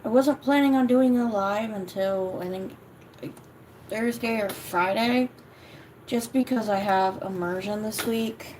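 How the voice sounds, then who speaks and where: A woman hosting a casual livestream, tired and lethargic, swearing offhandedly, and switching to high sing-song baby talk when she talks to her cat. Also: measured pace, darkish tone, slight background noise, low-quality recording. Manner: low-energy, sluggish, swearing casually. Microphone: camera mic.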